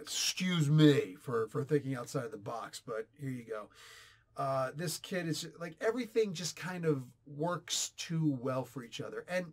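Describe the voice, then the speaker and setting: A man in his forties giving a casual, opinionated comic book review, animated and sarcastic. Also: on the high side. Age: 40s. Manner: animated, ranting, sarcastic asides.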